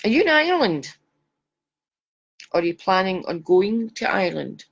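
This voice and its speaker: A woman's voice: medium pitch, very animated, normal speed, gravelly, highs cut off. A woman giving live psychic readings, chatty and affectionate, calling viewers darling. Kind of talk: live-stream chat reading viewers' photos.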